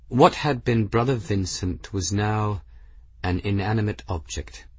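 A man narrates a fantasy story with a steady, dramatic delivery. His voice sits low and sounds husky. The recording is close and dry. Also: measured pace, no room sound. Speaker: audiobook narrator. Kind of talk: scripted narration.

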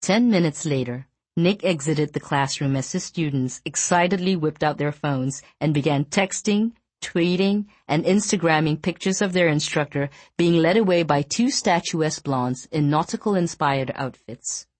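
A woman narrating a novel as an audiobook in measured, even storytelling. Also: low-pitched, no echo. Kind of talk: scripted narration.

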